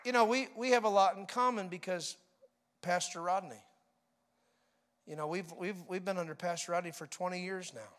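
A middle-aged male preacher giving a sermon, telling animated stories and mimicking people's laughter. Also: high voice, normal speed, slight background noise.

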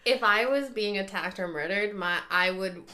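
A young woman co-hosting a podcast in casual chat, with a groggy morning voice and a wry, dark sense of humor. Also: medium pitch, moderate pace. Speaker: podcast co-host.

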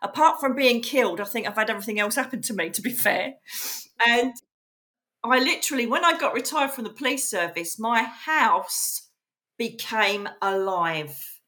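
Woman, podcast guest, animated storyteller who acts out quotes, sharp bright tone. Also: on the high side, normal speed. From England. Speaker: podcast guest, psychic medium. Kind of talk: casual interview storytelling.

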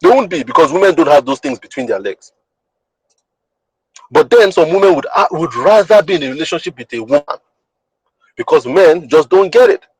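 A man's voice: on the high side, sing-song, fairly quick, pauses often, husky, no room sound, low-quality recording. A man hosting a podcast who teaches in an emphatic, repetitive way and often asks the listener whether they understand. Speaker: podcast host. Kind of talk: teaching monologue.

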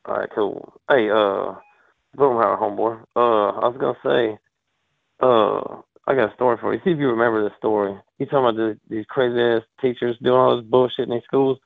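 A man, chatting casually as a podcast co-host and telling stories in an animated, profane way. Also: medium pitch, brisk, gravelly, no echo. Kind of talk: casual chat. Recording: tinny phone-like line.

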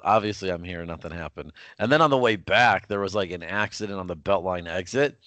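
A man's voice: low-pitched, brisk, a bit bright, dry recording. A young man, co-hosting a casual sports podcast and telling a story with lots of fillers and restarts. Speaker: podcast co-host.

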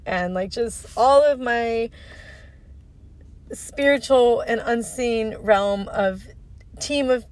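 A woman's voice: a little high, slow, pauses often. A woman in her thirties hosting a solo podcast, speaking earnestly and reflectively with frequent fillers and restarts. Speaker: podcast host.

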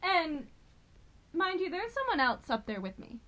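A woman co-hosting a podcast who tells stories about her work as a prison officer in an animated, swearing way. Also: extremely high pitch, unhurried, rough recording. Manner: animated, swears freely, acts out quoted voices. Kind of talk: casual storytelling chat.

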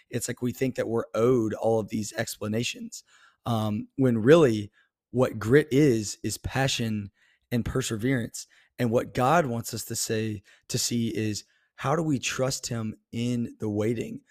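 A man's voice: mid-range voice, fairly even intonation, measured pace, darkish tone, no room sound, studio quality. Earnest young man preaching on a podcast. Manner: earnest, many fillers and restarts, laughs to himself. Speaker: podcast host. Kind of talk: faith talk on a podcast.

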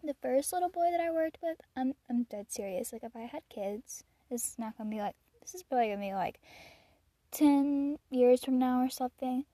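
A teenage girl hosting her own podcast, chatting casually and gushing about the children she works with, full of "like" and soft laughs. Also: high voice, brisk, dry recording. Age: teens. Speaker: podcast host. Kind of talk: casual solo podcast chat.

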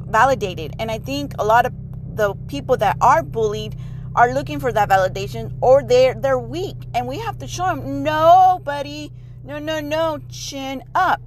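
A woman's voice: a little high, animated, normal speed, soft background music, low-quality recording. A middle-aged woman hosting a podcast in a blunt, emphatic casual monologue, now and then dropping in Spanish phrases. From Mexico heritage. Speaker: podcast host.

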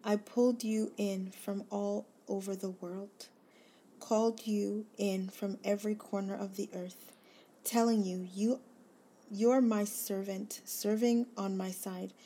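A woman hosting a devotional, reading scripture aloud slowly and earnestly, then reflecting on it. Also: mid-range voice, fairly even intonation. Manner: slow, earnest, gently emphatic reading. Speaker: devotional host.

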